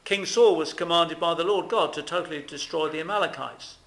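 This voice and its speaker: A man's voice: on the high side, fairly quick, fairly bright tone. A man preaching a sermon in an earnest, emphatic way, with lots of rhetorical questions. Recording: echoey room.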